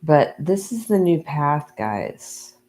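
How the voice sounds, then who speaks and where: A woman giving a channeled tarot reading, talking slowly and meandering with many ums and restarts. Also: low voice, big pitch swings, a little mellow, poor audio. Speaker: tarot reader. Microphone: USB microphone.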